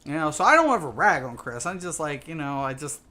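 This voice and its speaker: A man's voice: fairly high pitch, sing-song, brisk, bright, forceful tone. A man streaming a game, ranting casually and swearing often as he repeats himself. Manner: ranting, profane, repetitive. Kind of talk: casual gaming stream talk.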